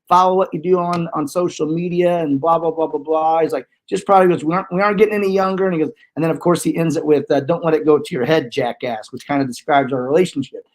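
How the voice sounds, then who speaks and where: A man's voice: a little high, steady tone, quick pace, hardly any pauses. A man in his forties hosting a podcast, loose and joking with hype-man energy. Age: 40s. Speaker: podcast host. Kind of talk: casual chat.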